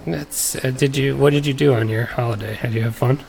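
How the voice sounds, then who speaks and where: A man's voice: medium pitch, steady tone, a little fast, gravelly, roomy sound, recorded from a distance, a crowd in the background, poor audio. Laid-back young man hosting a podcast. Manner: chatty storyteller, laughs through his story. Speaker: podcast host. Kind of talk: casual podcast chat.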